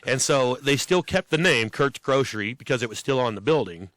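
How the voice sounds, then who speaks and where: A man co-hosting a podcast speaks in a relaxed, laid-back way, recapping and reacting in casual chat. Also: medium pitch, brisk, no room sound, clean studio sound. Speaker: podcast co-host.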